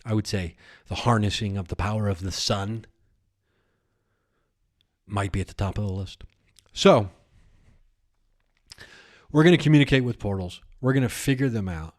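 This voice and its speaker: A man's voice: on the low side, normal speed, long pauses. A man hosting a podcast in a rambling, improvised comic monologue, often breaking into giggles and chatting to imaginary characters. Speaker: podcast host.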